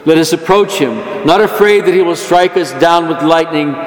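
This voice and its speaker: Priest preaching in an echoey church. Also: male voice, fairly high pitch, moderate pace. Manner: earnest, rising emphasis on quoted words of God. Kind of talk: sermon.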